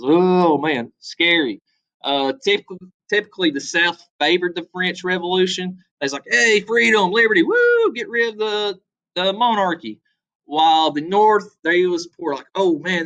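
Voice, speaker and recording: A man gives a casual history review lecture, loose and conversational, with frequent filler sounds. His voice sits a bit high for a man and has a bright, forward tone. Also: low-quality recording. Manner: loose, conversational, many "uh" fillers, acts out quotes. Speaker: history teacher.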